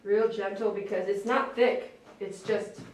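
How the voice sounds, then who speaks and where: A woman dog groomer on a live stream, speaking softly and tenderly to a dog while tearful. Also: mid-range voice, steady tone, measured pace. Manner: soft-spoken, tender talk to a dog. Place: grooming shop. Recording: very echoey room, mic far off, faint noise.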